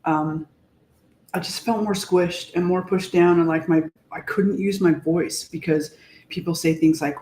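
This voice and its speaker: A woman co-hosting a podcast, talking in a casual, heartfelt way, reflective and halting as she searches for words. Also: low voice, fairly even intonation, a little mellow, a little hiss or hum. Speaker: podcast co-host. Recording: echoey room.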